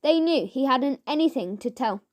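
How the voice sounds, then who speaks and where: A woman narrating a children's audiobook in a measured storytelling manner. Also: high voice, animated.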